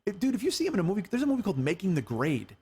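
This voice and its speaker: A man in his forties hosting a comedy podcast, telling stories in an animated, profane way. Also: sits high, rapid-fire, slightly rough. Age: 40s. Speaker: podcast host. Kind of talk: casual comedy podcast chat.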